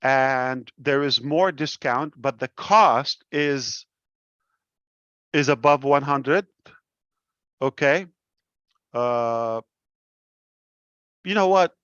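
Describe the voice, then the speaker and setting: A man with a delivery speaks slowly and earnestly on a live stream. His words come measured and deliberate, like a founder addressing his members. The audio is dry and dull, as from a close but muffled mic. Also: medium pitch, fairly bright tone, smooth, no echo. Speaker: company founder presenting to members.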